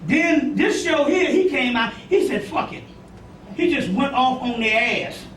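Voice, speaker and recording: A man's voice: very high-pitched, animated, unhurried, a bit bright, slight background noise. A man giving a rambling, profane informal lecture to an audience, often asking "you see what I'm saying". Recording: echoey room, voice from far off.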